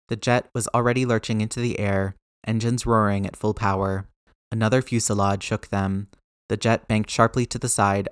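A man narrates an action-packed story with brisk, steady pacing. His voice sits low and the recording is dry and close. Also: smooth, dry recording. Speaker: audiobook narrator. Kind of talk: scripted narration.

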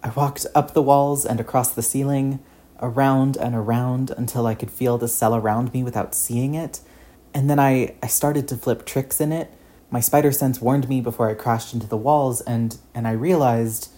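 A man's voice: mid-range voice, fairly even intonation, normal speed, mellow, lightly acted. A man voicing an earnest, shaken teenage boy hero who stammers and restarts his sentences.

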